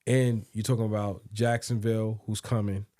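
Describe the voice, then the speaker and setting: A man's voice: lowish voice, level tone, moderate pace, warm tone, no echo, studio quality. A man co-hosting a podcast, chatting casually about sports and often repeating words as he thinks aloud. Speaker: podcast co-host.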